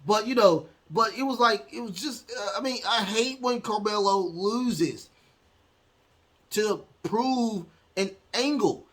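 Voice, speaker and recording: Rambling man recapping wrestling, higher voice. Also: slow, a bit bright. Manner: rambling, heavy fillers, acts out quotes. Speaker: podcast host.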